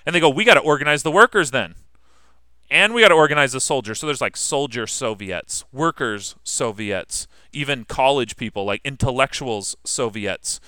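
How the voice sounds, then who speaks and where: Bright, clear-voiced man teaching history. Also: mid-range voice, no room sound, studio quality. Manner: conversational, explains with questions to the class. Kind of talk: classroom lecture. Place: classroom.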